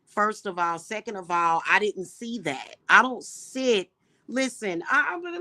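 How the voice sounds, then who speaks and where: A woman livestream host talks straight to her viewers in an indignant, exasperated rant. She lays out her points slowly and emphatically, often repeating them and firing off rhetorical questions. Her voice is bright and forceful, and it sounds close and dry with no room echo. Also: mid-range voice, lively intonation.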